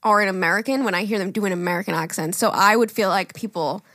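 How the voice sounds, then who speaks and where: A woman's voice: medium pitch, fast talker, a bit bright, no room sound, studio quality. A young woman with a Long Island accent co-hosting a podcast, chatting casually, laughing often and swearing freely. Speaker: podcast co-host. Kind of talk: casual chat.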